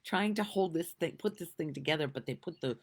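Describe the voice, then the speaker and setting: A woman's voice: low-pitched, brisk. A middle-aged woman vlogger telling a rambling, laugh-filled story in a casual, chatty way. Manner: rambling, laughing, lots of restarts.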